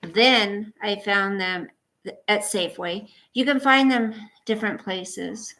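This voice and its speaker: Slow-talking older woman, echoey room. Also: medium pitch, sharp tone. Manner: chatty, coos baby talk at her dog. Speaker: vlogger. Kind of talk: casual chat to camera. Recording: echoey room, voice a bit off-mic, faint noise.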